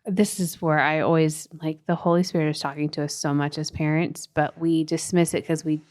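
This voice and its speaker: A woman co-hosting a parenting podcast, earnestly telling a family story in casual chat, with quick restarts and soft laughs. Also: deep voice, flat delivery. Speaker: podcast co-host and parenting author.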